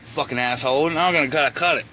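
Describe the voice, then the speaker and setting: A man's voice: on the high side, rapid-fire, bright, forceful tone, a little hiss or hum. A man, scared and sweating, cursing and shrieking as he tries to free a trapped bird at his back door. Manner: panicky, cursing, shrieking in fright. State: sweating, frightened. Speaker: vlogger. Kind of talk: filmed personal vlog. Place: at home by a back door, outside.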